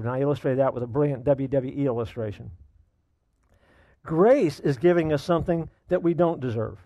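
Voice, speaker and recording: A man's voice: mid-range voice, moderate pace, no echo, dull audio. A middle-aged male pastor preaching a sermon, emphatic, repeating key lines for weight.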